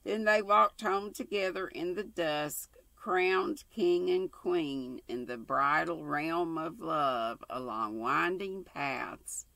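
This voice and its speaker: A woman's voice: sits low, gravelly, pushed and bright, dry recording. An older woman reading a novel aloud and chatting homily with her viewers. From United States. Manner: slow, homey, chatty asides. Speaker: storyteller host.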